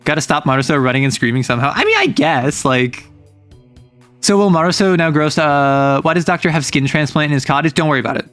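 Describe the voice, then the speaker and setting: A man's voice: a little high, lively intonation, fast, a bit bright, faint music behind. A man streaming, casually retelling a manga with lots of fillers and wry asides.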